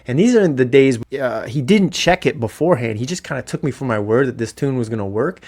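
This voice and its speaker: Podcast host, 30s, Canadian accent, loose excitable storyteller, mid voice. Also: male voice, mid-range voice, a little fast. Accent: Canadian English. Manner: rambling, excitable, swears freely. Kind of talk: casual solo podcast storytelling.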